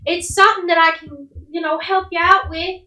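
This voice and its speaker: Woman playing a village mother, homely, hospitable, rambling, high voice. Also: steady tone, moderate pace, bright, forceful tone, poor audio. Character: big chunky village mother, warm and hospitable.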